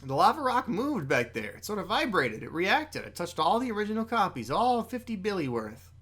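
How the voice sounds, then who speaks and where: Bright, excitable podcast co-host. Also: medium pitch, fairly quick, breathy edge. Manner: loose and profane, gets loud and excited. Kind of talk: casual podcast chat recapping a manga chapter.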